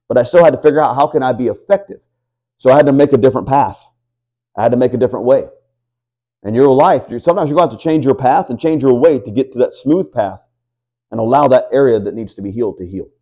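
A man's voice: mid-range voice, dark tone. A man preaching a sermon to a house church, reading scripture aloud and asking the listeners rhetorical questions. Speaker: pastor.

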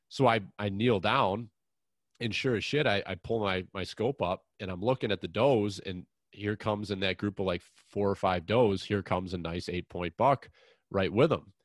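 Man, very deep voice, dry close mic, outdoors podcast host, frank, rambling, casual. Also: dry recording. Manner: rambling, frank, restarts often, mild swearing. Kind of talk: casual chat, long personal anecdote.

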